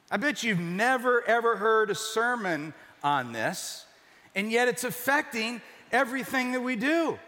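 A pastor with a high, bright voice delivers a sermon to a large church, speaking emphatically but dropping to a near-whisper on the key points. A long reverberant hall tail follows his voice.

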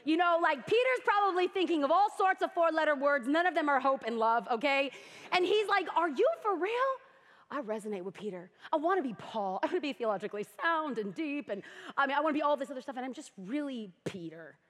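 A young adult woman preaching a sermon, telling the story with animated energy and acting out voices. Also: high voice, fast, long reverb tail.

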